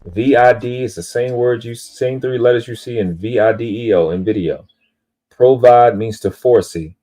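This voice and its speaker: On a live stream, a man serving as a panel speaker lectures on spiritual teachings in an emphatic, preachy way, casually swearing and bragging about himself. His mid-range voice is mellow and moves at a normal speed.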